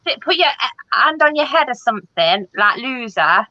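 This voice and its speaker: A woman's voice: a little high, animated, normal speed, dry recording. A woman in a casual group chat on a video call, eagerly explaining what she found out. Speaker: participant in a livestream chat. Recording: dull lo-fi call audio.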